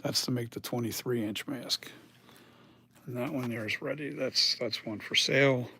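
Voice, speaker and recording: A weary middle-aged man talks in a loose, rambling way straight to his viewers. His voice is gravelly and a little husky, pitched at an ordinary level. He is filming on a phone in his home workshop. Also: normal speed, sharp tone. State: tired. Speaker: mask maker. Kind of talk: casual vlog chat. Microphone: phone camera.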